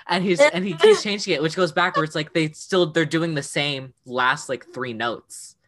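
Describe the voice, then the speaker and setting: Low-voiced chatty teen girl. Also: lively intonation, normal speed, a bit bright. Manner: chatty, many fillers, breaks into singing lines. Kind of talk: casual chat about a musical.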